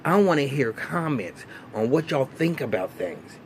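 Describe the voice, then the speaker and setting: A man, recapping a TV episode in a casual, animated, profane way full of fillers and restarts. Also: medium pitch, measured pace, a little hiss or hum. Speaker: TV recap vlogger.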